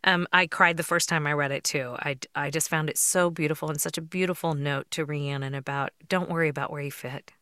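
A woman's voice: deep voice, fairly even intonation, brisk, hardly any pauses, pushed and bright, clear, resonant tone, no room sound, studio quality. A woman hosting a podcast interview, heartfelt and tearful as she praises her guest. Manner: emotional, tearful while reading aloud. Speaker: podcast host.

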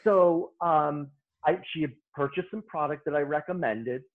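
A middle-aged man, a hairstylist guest, telling lively anecdotes in casual podcast chat and acting out the lines people said. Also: on the high side, normal speed. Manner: lively anecdote-teller who acts out quoted lines. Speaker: hairstylist and beauty-industry guest. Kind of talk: casual storytelling in a podcast interview. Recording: tinny phone-line audio.

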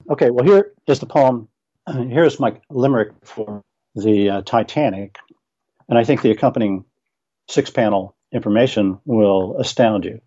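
Older man, mellow, measured explainer. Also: mid-range voice, lo-fi sound. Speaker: guest author, retired teacher. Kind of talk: interview answers and reading aloud.

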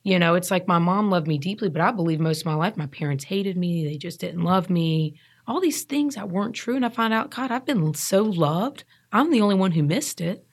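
A woman in her thirties with a low voice shares her story as an interview guest. She talks in an earnest, emphatic way and circles back to repeat what matters to her. The tone is candid and personal. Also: expressive, fairly quick, few pauses. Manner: earnest, emphatic, repeats herself when stressing a point. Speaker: guest sharing recovery story.

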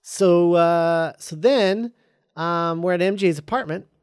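A man casually retelling a film script as a podcast host, halting with lots of ums and uhs. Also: sits high, smooth, dry recording, studio quality. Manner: halting, full of ums and uhs, reads quoted lines flatly. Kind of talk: casual chat.

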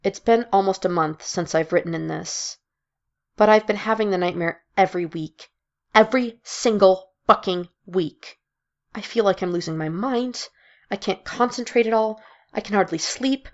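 An anxious young woman haunted by nightmares, as a storyteller puts her on, tense and on edge, with a gravelly fry in her voice. The reading comes through a dull lo-fi recording. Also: mid-range voice, moderate pace, close to an everyday voice.

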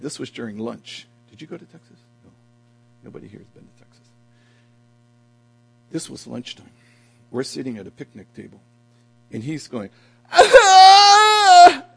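A man preaching a sermon to a men's breakfast in a church hall, telling stories dramatically and swinging from quiet talk to loud cries. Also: medium pitch, creaky, husky.

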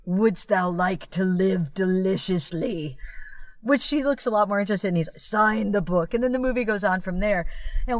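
A woman co-hosting a podcast, chatting casually and breaking into giggles as she tells stories. She swears freely and keeps the tone loose and animated. Her voice sits at a medium pitch and is recorded close and dry, with no room sound. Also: dry recording. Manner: giggly, profane, animated storyteller. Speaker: podcast co-host. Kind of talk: casual chat.

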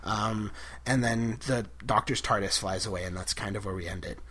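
A man's voice: fairly low pitch, steady tone, normal speed, a bit bright, slight background noise. A man co-hosting a podcast, recapping an episode in casual chat, enthusiastic and giggly with lots of fillers. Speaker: podcast co-host.

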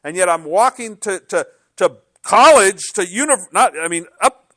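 An older man preaching a sermon as a pastor, telling stories with lively voice changes as he acts out inner dialogue. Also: high-pitched, normal speed, no echo, studio quality.

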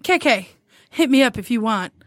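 Young woman, podcast co-host, giggly, casual storytelling, slightly high voice, dry sound. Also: animated, normal speed, dry recording. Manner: giggly, often laughing while telling a story. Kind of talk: casual chat, reading dating-app messages aloud.

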